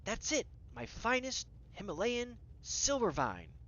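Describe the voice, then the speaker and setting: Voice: mid-range voice, wildly swooping pitch, moderate pace, fairly bright tone, highs cut off, a little hiss or hum. A narrator voicing a regal, picky male talking alley cat with a British accent and a formal, haughty manner. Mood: delighted.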